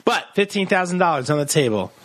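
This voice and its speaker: Man with lively pitch cracking crude jokes. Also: fast talker. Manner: crude, deadpan absurd jokes. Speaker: podcast co-host. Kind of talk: casual comedy podcast banter.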